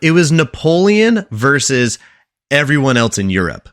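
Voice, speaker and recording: A young man co-hosting a casual podcast presents a history segment, rambling through the story for his friends with lots of fillers, restarts and quiz questions. His medium-pitched voice is sing-song and fairly bright at normal speed, with clean studio-quality sound and no room tone.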